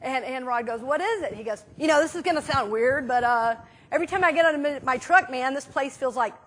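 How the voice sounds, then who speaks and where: A woman minister speaks briskly from a church sanctuary, her voice high and bright. Her sermon is relaxed and lively, her storytelling full of small fillers, and she addresses the congregation as though chatting among friends.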